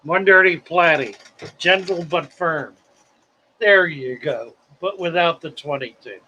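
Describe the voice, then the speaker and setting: Wry, slow-talking male livestream host. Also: on the high side, sharp tone, lo-fi sound. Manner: wry, sarcastic asides, slow deliberate. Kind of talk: casual livestream commentary.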